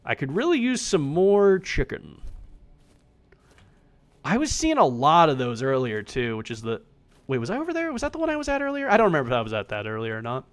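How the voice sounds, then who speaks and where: A man streaming himself playing an indie survival game, chatting casually with animated, profane, self-mocking commentary. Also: on the high side, fairly quick, clear, resonant tone.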